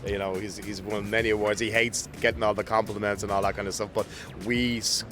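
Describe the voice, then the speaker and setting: Low-voiced Irish man at a trade show. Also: flat delivery, brisk, music in the background. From Ireland. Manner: enthusiastic, upbeat sales talk. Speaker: toy company representative. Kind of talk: casual trade-show interview. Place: busy trade show floor.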